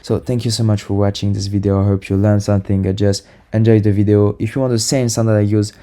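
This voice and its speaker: A man's voice: fairly low pitch, level tone, quick pace, dark tone. A man casually walking through how he built a music sample, upbeat and full of "super" and "you know". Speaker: music producer. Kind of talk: casual tutorial walkthrough.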